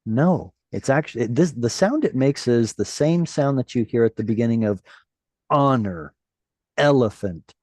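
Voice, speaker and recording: A man's voice: medium pitch, lively intonation, moderate pace, no room sound. A man tutoring a student in Hebrew reading, patiently correcting pronunciation over a video call. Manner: encouraging, corrects pronunciation gently. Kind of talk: patient one-on-one reading lesson.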